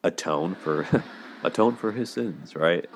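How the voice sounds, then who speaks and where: A man's voice: low-pitched, lively intonation, slow. A man hosting a show, talking through relationship conflicts in a loose, chatty way full of filler words. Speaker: show host analyzing relationships. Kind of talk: casual commentary.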